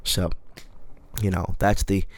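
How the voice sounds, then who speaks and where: A man's voice: low-pitched, little pitch movement, slow, no echo. A man in his twenties hosting a casual podcast, a little drunk, rambling, swearing and mocking himself. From United States. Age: 20s. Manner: rambling, profane, self-mocking. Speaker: podcast host. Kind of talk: casual solo podcast monologue.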